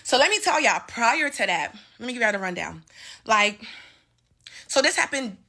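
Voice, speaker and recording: A woman's voice: fairly high pitch, sing-song, normal speed, pushed and bright, a little hiss or hum. A woman in her twenties telling a heated, profane story-time rant at home, stuttering as she talks. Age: 20s. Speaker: vlogger. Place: home bathroom, indoors.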